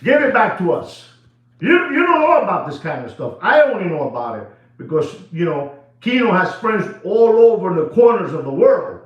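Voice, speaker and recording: Speaking at a normal pace with a high-sitting voice, a watch dealer excitedly improvises while hosting his video. He loops back on himself, yells, laughs and throws in Spanish, all in an echoey, dull-sounding room.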